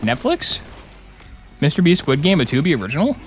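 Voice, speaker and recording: A man's voice: fairly high pitch, big pitch swings, brisk, soft background music. A young man joking and rambling through casual commentary while streaming a game. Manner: joking, rambling, playful asides.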